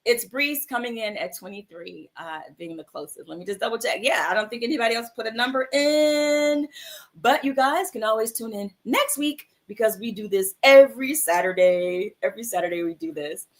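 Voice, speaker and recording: A woman's voice: a little high, lively intonation, moderate pace. A woman hosting a livestream mindfulness show, chatting casually with viewers in an affectionate, encouraging way. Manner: affectionate, encouraging, calls viewers "my love" and "sis".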